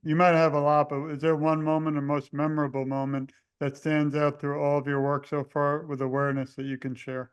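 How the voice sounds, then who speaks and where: A man's voice: fairly high pitch, monotone, a little fast, hardly any pauses, clear, resonant tone. A man hosting an interview, asking questions in a supportive way and laughing often with his guest. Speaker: podcast host.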